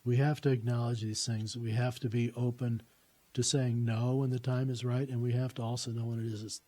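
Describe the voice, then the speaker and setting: Here the middle-aged man talks briskly, his medium-pitched voice warm yet barely moving in pitch. He relates his faith testimony in an honest, down-to-earth, conversational way, with some casual cursing.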